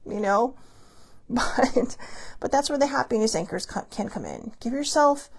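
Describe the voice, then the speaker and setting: A woman hosting her own show, talking casually and candidly, with animated asides and a bit of swearing. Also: high-pitched. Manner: animated, many quick asides. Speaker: podcast host. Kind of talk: casual solo talk.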